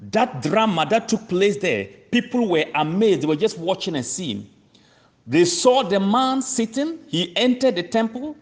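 A man preaching a sermon, reading scripture slowly and repeating key phrases for emphasis, calling his listeners friends. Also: high voice. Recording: long reverb of a large hall.

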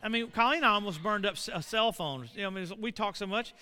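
A middle-aged man preaching a sermon, animated and building to shouts. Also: sits high, quick pace, clear, resonant tone, some chatter behind. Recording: long reverb of a hall.

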